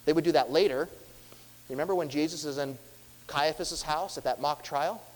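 A man preaching a sermon as a pastor, earnest and questioning, who drops his voice softly when quoting. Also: on the high side, normal speed. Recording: long hall reverb.

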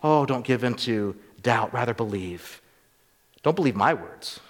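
A man's voice: medium pitch, animated, a little slow, in a large hall. A man preaching a sermon as pastor, earnest and emphatic, often rising sharply on rhetorical questions.

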